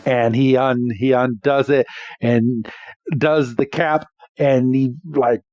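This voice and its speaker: A man's voice: mid-range voice, steady tone, slow pace, a little mellow, no echo, highs cut off. A man co-hosting a podcast, recapping an episode in casual chat, chatty and laughing often with lots of filler words. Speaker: podcast co-host.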